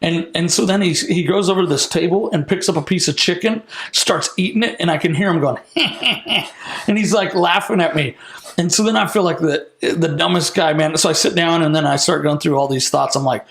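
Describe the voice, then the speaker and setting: A man recounts his testimony in a loose, animated storytelling manner, full of casual fillers. His voice sits a bit high with a gravelly edge. The room is noticeably echoey. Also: brisk. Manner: lively, casual, lots of "like" and "you know". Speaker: minister sharing a testimony.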